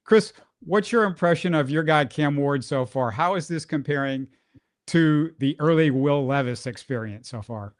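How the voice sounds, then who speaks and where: A man's voice: on the high side, normal speed, dry recording, studio quality. A man hosting a sports podcast in casual talk, wry and joking as he rattles off stats.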